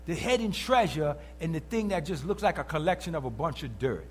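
A man preaching with a high voice that leaps up and down in pitch. He talks in an emphatic, animated way. He keeps checking in with his listeners as he teaches. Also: a little fast, a little hiss or hum. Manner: animated, emphatic, calls out to the congregation. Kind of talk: sermon.

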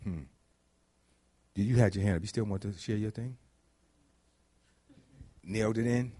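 A man preaching a conversational sermon, dropping to low murmurs and climbing to high shouts. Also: a little slow. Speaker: pastor.

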